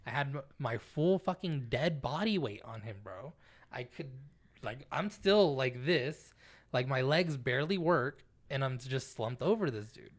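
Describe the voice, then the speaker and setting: A young man with a mid-range, slightly slow voice co-hosts a podcast, telling a story over casual chat. He's animated, swears freely, and acts out what people said.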